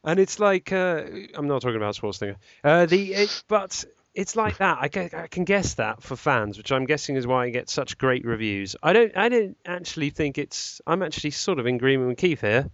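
A man's voice: a little high, expressive, fairly quick, few pauses, no echo. A man co-hosting a podcast, rambling and correcting himself with lots of ums. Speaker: podcast co-host. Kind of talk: casual chat. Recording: dull, slightly lo-fi dry sound.

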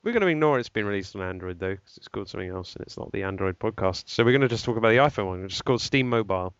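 A man hosting a casual tech podcast, rambling and halting through speculation with lots of fillers. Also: fairly low pitch, lively intonation, no room sound, highs cut off. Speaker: podcast host.

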